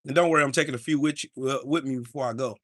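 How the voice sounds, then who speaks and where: A man's voice: medium pitch, steady tone, rapid-fire, no echo, clean studio sound. A man hosting a live-streamed podcast, ranting in an angry, profane and confrontational way. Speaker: podcast host.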